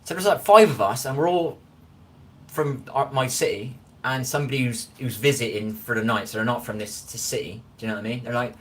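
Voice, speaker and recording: Chatting casually on a live stream from his home kitchen, a Scottish man rambles and keeps asking "do you know what I mean." He has a mid-range voice and speaks fairly quickly, with a little hiss or hum in the recording.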